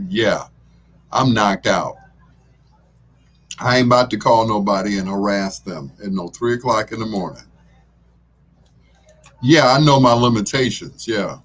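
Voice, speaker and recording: This radio host is a middle-aged man with a lowish, slightly rough, somewhat bright voice. Laid-back and rambling, he keeps the talk show chat casual and laughs frequently as he goes.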